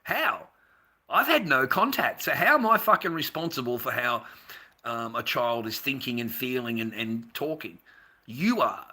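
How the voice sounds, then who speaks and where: An Australian man on a live stream, rambling and confrontational, swearing freely and veering from low muttering to loud outbursts. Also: sing-song, normal speed, breathy edge. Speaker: livestreamer.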